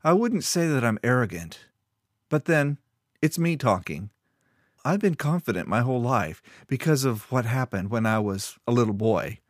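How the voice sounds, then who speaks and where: A man voicing a calm, confident young man from the countryside, earnest and steady. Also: medium pitch, moderate pace, no echo, clean studio sound, lightly acted. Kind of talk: audiobook character voice.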